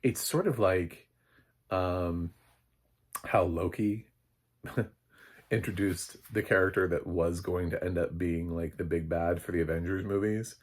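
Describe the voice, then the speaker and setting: Guy w a deep husky voice rambling thru a tv recap, lots of ums and little laughs. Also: fairly even intonation, a little slow. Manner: rambling, loose and chatty, lots of fillers and chuckles. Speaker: film critic. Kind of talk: casual spoken TV recap.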